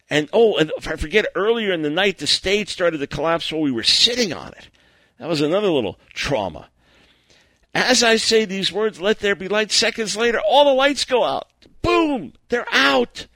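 A male preacher tells a story from the pulpit, animated and acting out each exchange, often stumbling over restarts. His voice sits a touch high for a man, and the sound is dry and close. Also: no room sound. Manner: animated, acts out dialogue, stammering restarts. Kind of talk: sermon storytelling.

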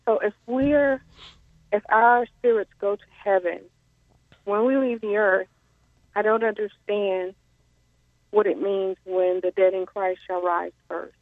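A woman calling into a radio show, asking a Bible question in a slow, careful, halting way over the phone. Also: mid-range voice, steady tone, no echo. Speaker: caller. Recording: tinny phone line.

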